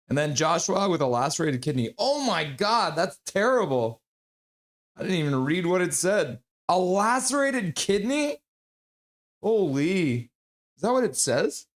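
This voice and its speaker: Male stream host, slightly high voice. Chatty and reactive, reads chat aloud, bursts into loud exclamations. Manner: breaks into loud excited exclamations. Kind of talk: casual live-stream hockey chat.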